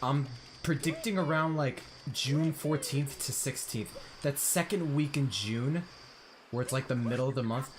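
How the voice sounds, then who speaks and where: A man's voice: mid-range voice, measured pace. A young man streaming a video game, chatting casually with viewers and groaning at missed jumps. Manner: relaxed chat, bursts of frustration at missed jumps. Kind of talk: casual gameplay commentary.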